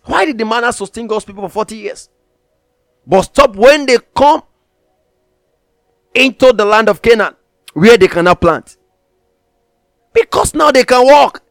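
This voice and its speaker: A man's voice: high-pitched, moderate pace, pauses often, no room sound, studio quality, soft background music. A man preaching a sermon, emphatic, repeating phrases for stress and reading scripture aloud in old-fashioned wording.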